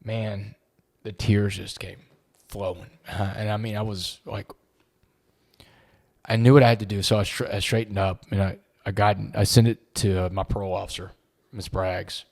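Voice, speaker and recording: A middle-aged man, a podcast guest, telling an emotional story in an earnest, halting way and often repeating words when moved. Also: on the low side, little pitch movement, a little mellow.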